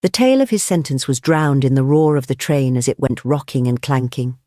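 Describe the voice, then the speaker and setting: A man narrating an audiobook with a steady, measured delivery. His voice sits in a middle register, recorded close and dry with no room sound. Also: medium pitch, no room sound. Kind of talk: scripted narration.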